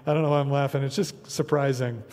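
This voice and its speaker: A man's voice: medium pitch, steady tone, fast talker, a little mellow, big-room sound. A man preaching a sermon as pastor, chatty and conversational with frequent asides. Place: church sanctuary.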